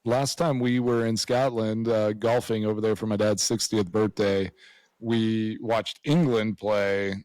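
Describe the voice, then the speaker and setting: Relaxed chatty man, dry close sound. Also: lowish voice, a little slow, no echo, poor audio. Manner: laid-back, storytelling, chuckles often. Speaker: podcast co-host. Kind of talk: casual interview chat.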